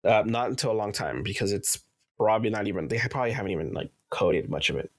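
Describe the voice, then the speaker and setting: A man's voice: fairly low pitch, expressive, fast talker. A man co-hosting a casual gaming podcast, rambling loosely and swearing freely. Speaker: podcast co-host.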